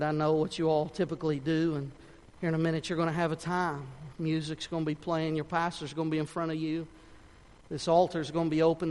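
A man preaching a sermon and giving an altar call, swinging from soft pleading to loud impassioned peaks. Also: a little high, in a large hall. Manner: impassioned, rising to near-shouting peaks then dropping soft. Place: church sanctuary.

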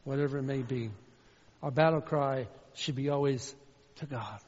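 A man preaching a sermon as a pastor, shifting from loud fervent calls to quiet personal storytelling. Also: medium pitch, normal speed. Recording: dull sound with long hall reverb.

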